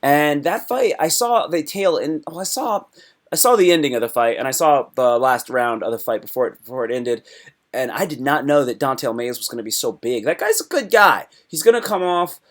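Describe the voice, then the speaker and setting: Excitable man hosting a fight-recap stream. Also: fairly high pitch, a little fast. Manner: excitable, jumps between topics, reads live chat aloud; animated with sudden loud yelps and imitations. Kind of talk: casual live stream chat.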